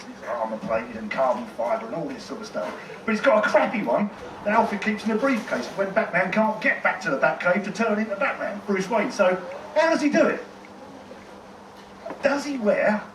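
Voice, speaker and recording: A man doing a stand-up set in a rambling, chatty and sweary way. His voice sits high. The sound is echoey and distant, recorded in a tent with plenty of noise behind. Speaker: stand-up comedian. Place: tent in a car park.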